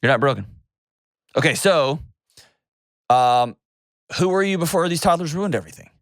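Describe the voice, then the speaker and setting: A man's voice: on the high side, expressive, moderate pace, dry recording, clean studio sound. Direct, reassuring male advice host. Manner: direct, reassuring, interrupts to steer. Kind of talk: call-in advice show.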